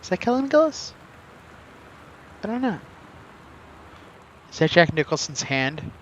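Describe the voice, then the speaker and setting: A man's voice: high voice, very animated, a little slow, a bit bright, lo-fi sound, a little hiss or hum. A young man casually commenting while he plays a video game, thinking aloud and guessing at names. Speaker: game streamer. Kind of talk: casual let's-play commentary.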